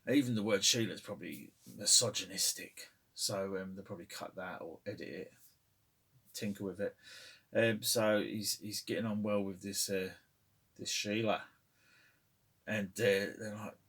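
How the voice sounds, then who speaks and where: Rambling husky middle-aged man. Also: lowish voice, fairly even intonation, moderate pace, a bit bright. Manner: rambling, hesitant, with many fillers and chuckles. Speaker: channel host. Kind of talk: casual opinion vlog.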